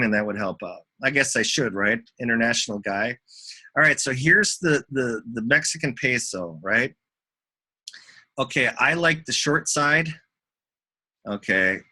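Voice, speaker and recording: Man, bright forceful voice, casual rambling chart talk, chatty. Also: mid-range voice, husky. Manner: rambling, chatty, talks to himself and viewers. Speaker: market commentator.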